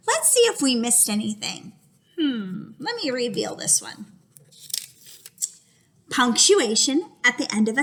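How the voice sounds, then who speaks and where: A woman teacher giving an animated reading lesson to young children, using an exaggerated, expressive voice. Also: high voice.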